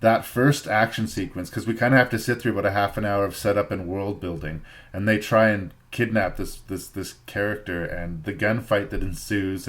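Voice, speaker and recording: A man from Canada hosting a podcast, giving a thoughtful, measured film review in casual chat and repeating phrases for emphasis. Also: fairly low pitch. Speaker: podcast host.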